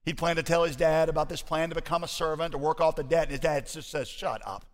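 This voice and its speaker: A man preaching in a slightly high voice that carries a long hall reverb. He tells stories and moves between soft, intimate asides and loud, emphatic rhetorical questions. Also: little pitch movement, quick pace. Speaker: pastor. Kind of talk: sermon.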